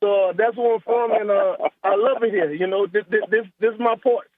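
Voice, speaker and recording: A man with a South Louisiana accent, a head track coach, talking in a relaxed, rambling way and repeating words in a phone-in interview. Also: high-pitched, fairly quick, no echo. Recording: tinny phone line.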